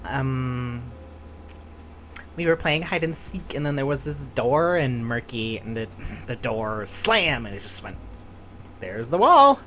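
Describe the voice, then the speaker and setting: A woman's voice: rumbling low, a little slow, fairly bright tone, slight background noise. A woman voicing a worried young boy in a video game, who rambles anxiously about a missing playmate. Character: worried young boy, one of a group of kids.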